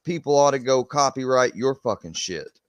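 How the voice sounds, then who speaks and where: A young man vents at his viewers in an agitated, swearing rant. He keeps repeating himself as he goes. His voice sits at a middle pitch and sounds dry and close. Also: animated, moderate pace, no room sound. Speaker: YouTuber. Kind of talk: venting rant to camera.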